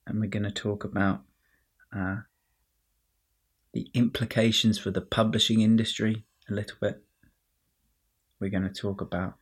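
A male podcast host with a somewhat low, husky voice. He chats casually, with a wry, self-mocking edge, and trails into loose, rambling phrasing. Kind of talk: casual chat.

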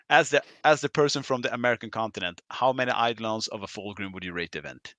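A male podcast host chats casually, joking and teasing his guests. His voice is a little low and forceful, recorded close and dry. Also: no echo. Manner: joking, quick to tease. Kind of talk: casual chat.

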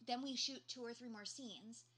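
A young woman with a bright, ringing voice pitched a little high, co-hosting a podcast. She chats casually and animatedly, swears freely and fills her talk with fillers. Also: normal speed, husky. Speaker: podcast co-host. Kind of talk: casual chat.

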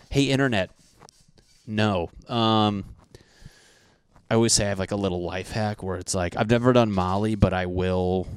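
A man's voice: fairly low pitch, clean tone, dry recording, clean studio sound. A man hosting a solo podcast from his apartment, rambling casually with heavy swearing and crude jokes. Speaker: podcast host.

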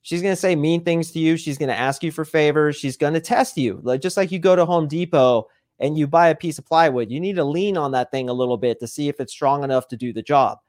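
A man's voice: a little high, a little fast, hardly any pauses, a little mellow, dry recording, studio quality. A man who is a dating coach, a podcast guest, explaining with confidence and acting out quoted dialogue.

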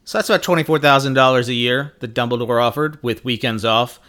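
A man's voice: medium pitch, fast talker, fairly bright tone. A man co-hosting a podcast in casual chat, wry and dry, walking through figures. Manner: dry, wry, explains with numbers. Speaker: podcast co-host.

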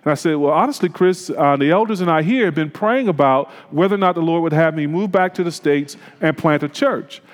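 A man with a slightly high voice preaches a sermon in a large hall with a long reverb tail. He tells a personal story in a relaxed, conversational way and turns reflective at points. The delivery stays plain and unscripted. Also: a little fast, few pauses. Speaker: pastor.

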